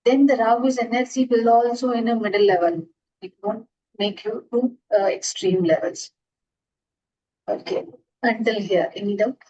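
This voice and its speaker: A woman's voice: on the high side, fairly even intonation, moderate pace, warm tone, highs cut off. A woman teaching astrology in an earnest lecture, restarting and repeating herself often as she explains. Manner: earnest, repetitive, frequent restarts. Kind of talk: classroom lecture.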